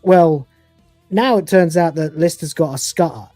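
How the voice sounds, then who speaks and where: A man in his forties riffs through a casual live episode review. He is crude and swears freely, laughing often between thoughts. His voice sits at a middling pitch and sounds dry and close, with a little faint music behind. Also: unhurried, dark tone, no echo. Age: 40s. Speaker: podcast co-host reviewing episodes.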